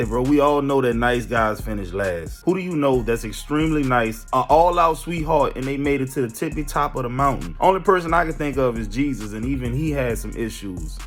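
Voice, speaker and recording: A man hosting a commentary channel, talking in a casual, emphatic, lecturing way with lots of slang. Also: a little high.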